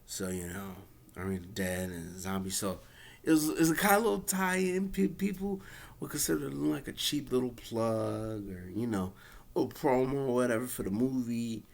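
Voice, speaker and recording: Gravelly-voiced man rambling through a review. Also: medium pitch, lively intonation, moderate pace. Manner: rambling, lots of fillers, acts out quotes. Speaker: wrestling show reviewer. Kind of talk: casual spoken review.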